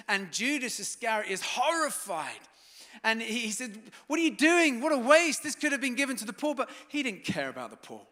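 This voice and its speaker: A man's voice: on the high side, sharp tone, in a large hall. A man preaching a sermon as pastor, telling stories dramatically and building to fervent peaks. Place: church hall.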